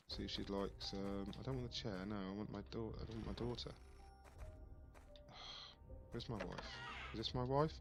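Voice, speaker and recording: A man giving casual let's play commentary, thinking aloud and reading on-screen text with puzzled asides. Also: mid-range voice.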